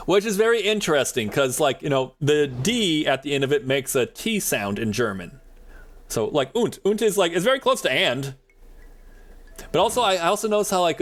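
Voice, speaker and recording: A man streaming a game, chatting casually and answering his chat, rambling with lots of "like" and frequent laughs. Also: medium pitch. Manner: rambling, heavy on "like", laughs often.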